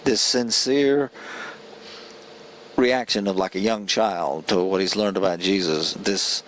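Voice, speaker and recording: A man talks through a film review in a loose, casual way, earnest and rambling, tripping over his words and restarting his sentences. His voice sits fairly low. Faint background noise hums under the recording. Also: slow pace, fairly bright tone, rough recording.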